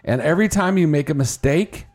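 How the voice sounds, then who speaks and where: A man's voice: on the high side, expressive, fairly quick, darkish tone, soft background music. A man hosting a morning radio show, talking in a rambling, playful way that keeps interrupting itself. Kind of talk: casual radio banter. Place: radio studio.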